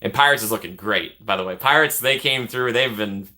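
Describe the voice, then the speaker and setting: A man's voice: on the low side, a little fast, sharp tone. A young man chatting casually as a vlogger, rambling and self-deprecating, laughing often. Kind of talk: casual chat.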